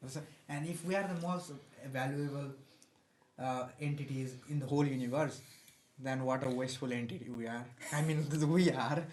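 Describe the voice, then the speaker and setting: A man's voice: medium pitch, moderate pace, slight background noise. A young man hosting a casual podcast chat with friends, talking animatedly and laughing often. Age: young adult. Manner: animated, laughs often, practicing a put-on accent. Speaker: podcast host. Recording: echoey room.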